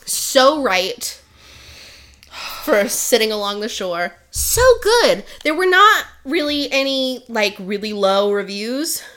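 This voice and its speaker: A woman's voice: on the high side, big pitch swings, slow pace, pushed and bright. A woman co-hosting a casual podcast, rambling through a book plot with lots of fillers and frequent laughs. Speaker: podcast co-host. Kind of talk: casual chat, book recommendation.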